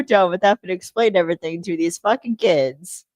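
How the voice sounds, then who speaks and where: Low-voiced woman rambling on a podcast. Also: fairly quick, few pauses, a little mellow, no echo. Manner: rambling, profane, lots of "like" fillers. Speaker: podcast host. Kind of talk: casual solo podcast recap.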